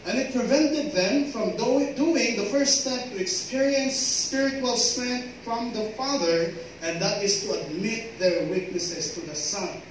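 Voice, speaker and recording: Emphatic pastor in an echoey hall. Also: male voice, very high voice, measured pace, hardly any pauses. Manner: emphatic, acts out quoted pleas, mixes in Filipino words. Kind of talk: sermon. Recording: echoey hall from far off, faint noise.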